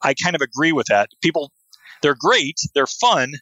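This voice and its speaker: A man's voice: a little high, sing-song, normal speed, bright, forceful tone, no room sound, lo-fi sound. A man talking as a guest in a casual interview, enthusiastic, with many fillers and restarts. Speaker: podcast guest, SEO expert.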